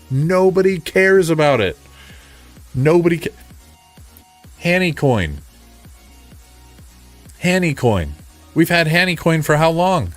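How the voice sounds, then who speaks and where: A man hosting a casual livestream, ranting in an animated way, repeating himself and making sarcastic asides. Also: mid-range voice. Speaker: livestream host. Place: home streaming setup.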